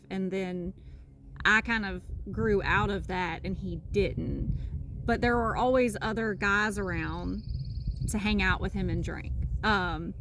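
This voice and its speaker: A woman's voice: medium pitch, a little hiss or hum. A woman in her thirties with a Southern country accent, nervous yet candid as a guest in a casual talk with her husband. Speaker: interview guest, wife of host. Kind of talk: casual conversation.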